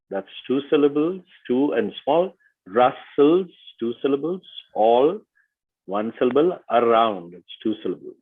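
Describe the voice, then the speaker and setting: A man leading an online workshop, speaking slowly and deliberately and stressing each syllable as he reads. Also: mid-range voice, sing-song, slightly rough. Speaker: workshop facilitator. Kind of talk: online teaching session. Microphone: video call. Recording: tinny video-call audio.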